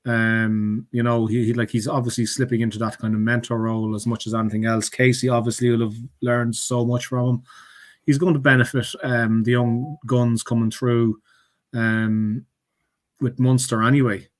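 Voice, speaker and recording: Brief: male panelist, measured, halting, full of fillers. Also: mid-range voice, little pitch movement. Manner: hesitant, many fillers. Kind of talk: casual podcast chat.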